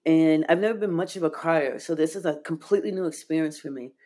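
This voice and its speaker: A woman's voice: low-pitched, fast, mellow. Earnest woman telling a personal story. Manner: earnest and heartfelt, with frequent "like" fillers. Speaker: podcast guest.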